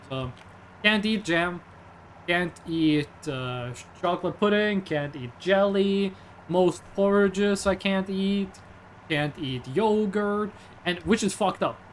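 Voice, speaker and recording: A man's voice: high voice, a little hiss or hum. A young man, streaming casually in a rambling, jokey way and answering chat. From Norway.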